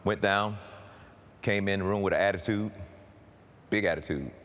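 A man preaching a personal testimony, swinging from quiet storytelling to shouted emphasis and often stammering repeated words. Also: lowish voice, normal speed. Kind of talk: sermon testimony.

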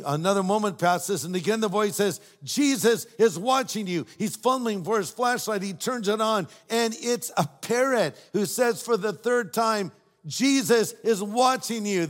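Older pastor preaching in a reverberant hall. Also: male voice, a little high. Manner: warm storytelling with humorous asides. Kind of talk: sermon.

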